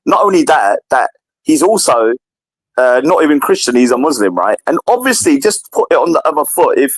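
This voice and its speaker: A man in casual political chat, animated and repetitive, often acting out others in a higher voice. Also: a little fast, husky, no echo, low-quality recording. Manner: animated, repeats himself, mimics others in a higher voice. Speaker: podcast co-host.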